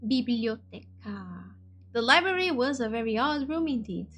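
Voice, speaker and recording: A fairly high-voiced woman streamer whose first language is Portuguese reads a visual novel aloud, breaking off for chatty, giggly asides to her viewers. Faint game music plays underneath her voice. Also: very animated, moderate pace, fairly bright tone. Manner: chatty, giggly, switches between reading and asides.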